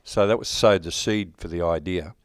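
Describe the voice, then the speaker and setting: A man's voice: deep voice, normal speed, no echo, clean studio sound. A man in his sixties with an Australian accent, a guest actor talking bluntly and joking, with plenty of swearing, in a casual interview. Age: 60s. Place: horror convention.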